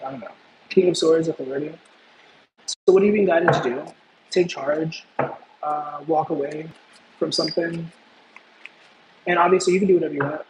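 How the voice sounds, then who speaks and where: A man giving a casual tarot reading, rambling and playful, often breaking off mid-thought. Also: on the high side. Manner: rambling, playful, self-interrupting. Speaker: tarot reader. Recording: echoey room with faint background noise.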